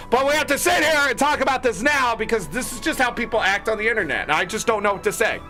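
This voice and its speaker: Fast and barely pausing, a man streaming games unloads angry, profane commentary on his viewers, his expressive voice pushed and bright. He ridicules the people he opposes, mimicking them in lower voices, while soft music plays behind him.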